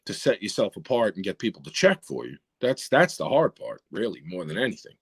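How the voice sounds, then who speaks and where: A man's voice: on the low side, a little fast, breathy edge, no echo. A man telling a bar story in casual chat, swearing often and acting out the other people's lines. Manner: animated, swears often, acts out quotes. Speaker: rapper guest.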